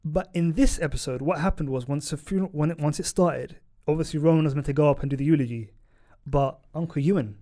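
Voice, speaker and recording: A man's voice: a little high, fast talker, few pauses. A man, co-hosting a casual TV review chat and retelling scenes animatedly. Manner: animated storytelling, recounts scenes with laughs. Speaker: podcast co-host.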